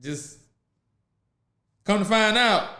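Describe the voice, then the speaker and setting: Laughing, high-voiced man in an echoey room. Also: slow. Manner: animated storyteller, laughs often, Southern slang. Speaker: podcast host. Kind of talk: casual podcast chat.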